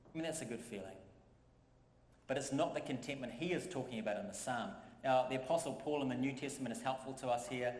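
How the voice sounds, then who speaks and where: A man's voice: mid-range voice, fast, a little mellow, slight background noise. A man preaching a sermon as pastor, in a conversational way that repeats phrases for emphasis. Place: church. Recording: echoey church hall.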